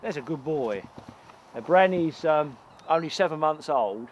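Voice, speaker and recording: A man's voice: on the high side, lively intonation, measured pace. A man who keeps birds, chatting casually and coaxing his birds as he handles them outdoors. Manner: coaxing and affectionate toward the birds. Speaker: bird keeper. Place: outdoors among bird enclosures. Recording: noisy outdoor field recording.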